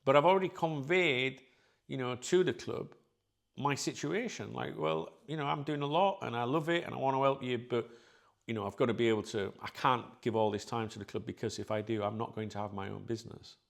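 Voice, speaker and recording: Gravelly, sweary man ranting. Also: medium pitch, a little fast. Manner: blunt, sweary, rambling. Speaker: channel host. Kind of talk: candid rant to viewers.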